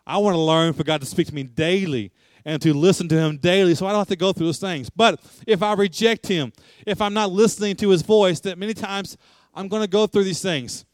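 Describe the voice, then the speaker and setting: A man's voice: high-pitched, a little fast, dry recording. A man preaching a sermon, emphatic and repetitive, asking rhetorical questions.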